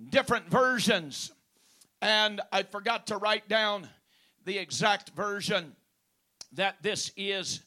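A male preacher with a strikingly high, bright voice, delivering a sermon at an unhurried, deliberate pace. He leans on key words, stretching them for emphasis, and breaks up his points with praise and amens. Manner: punctuates with praise and amen.

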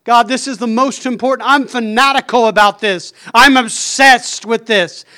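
A man preaching with fervour, with a high voice that rings bright and clear. He breaks up his phrases with frequent "Amen"s. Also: normal speed. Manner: fervent, punctuates phrases with "Amen". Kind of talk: sermon.

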